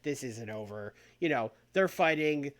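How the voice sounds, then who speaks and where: A man live-streaming a wrestling booking game in casual chat, thinking out loud, swearing easily and trailing off mid-sentence. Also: mid-range voice, lively intonation, measured pace. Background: faint background music.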